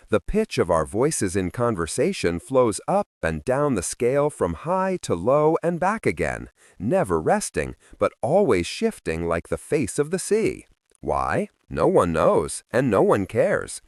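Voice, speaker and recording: A man reads a self-help audiobook in a low voice that swings widely up and down. He leans on key words and shifts his pace to drive points home. The recording is close and dry, with no room sound. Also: dry recording. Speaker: audiobook narrator. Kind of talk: scripted audiobook narration.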